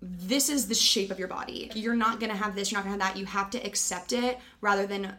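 A woman's voice: medium pitch, fast, sharp tone. A young woman hosting a casual podcast interview, earnest and reflective as she tells personal stories. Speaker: podcast host.

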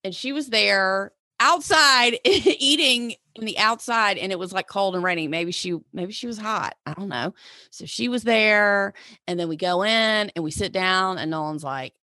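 A woman co-hosting a podcast in casual chat, playful and quick to laugh. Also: medium pitch, sharp tone. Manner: chatty, laughs easily, playful. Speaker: podcast co-host.

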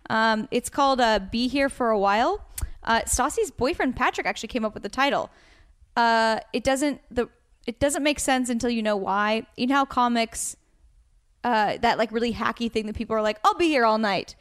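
A woman's voice: fairly high pitch, normal speed, clean tone. A woman comedian, a guest on a podcast, chatting casually in a rambling, joking way. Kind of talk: casual chat.

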